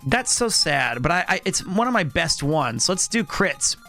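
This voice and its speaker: A man's voice: a little high, sing-song, measured pace. Chatty man over game music. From Kansas City, US. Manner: chatty, joking, rambling. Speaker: streamer. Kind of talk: casual gameplay commentary.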